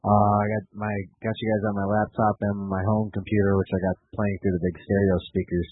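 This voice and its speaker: Husky, low-voiced man calling in. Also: level tone, a little fast, hardly any pauses, no echo. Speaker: caller. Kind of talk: casual call-in chat. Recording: tinny phone-line audio.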